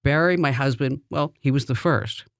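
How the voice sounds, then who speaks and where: A woman's voice: very deep voice, moderate pace, creaky, no echo, clean studio sound. A middle-aged woman hosting a podcast, telling personal stories in a chatty way and laughing between lines. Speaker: podcast host.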